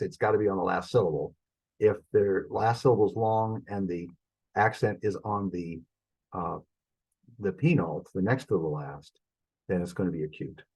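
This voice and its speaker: A man's voice: fairly low pitch, a little mellow, slightly rough, rough recording. A middle-aged man teaching a Greek lesson, thinking aloud as he works through examples and stops to correct his own mistakes. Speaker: Greek instructor. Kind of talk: recorded classroom lesson.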